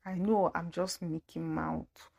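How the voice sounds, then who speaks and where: A woman's voice: on the low side, fairly even intonation, takes it slowly, creaky, darkish tone. A young Nigerian woman with a Nigerian accent, chatting playfully and laughing often as she reacts to replies. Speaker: podcast host. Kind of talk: casual chat.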